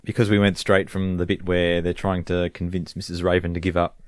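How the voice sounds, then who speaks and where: A man with a low voice co-hosts a podcast in a laid-back, conversational way. He mostly gives short reactions and works his thoughts out aloud. The recording is close and dry. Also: little pitch movement, a little fast, dry recording. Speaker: podcast co-host. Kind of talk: casual chat.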